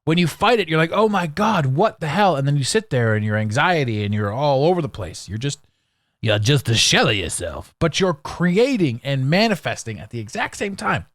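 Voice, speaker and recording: Male podcast host, solo monologue; lively pitch, blunt and sarcastic, dry close sound. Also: brisk, no room sound. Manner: animated, blunt and sarcastic, with restarts.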